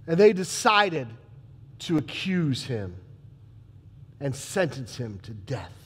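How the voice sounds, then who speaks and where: A man playing Pilate, a husky troubled governor. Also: fairly high pitch, in a large hall, heavily acted. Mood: brooding. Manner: emphatic, swinging between loud declarations and hushed asides. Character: troubled Roman governor Pilate, proud and defensive. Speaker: character monologue performer. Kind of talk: dramatic church monologue.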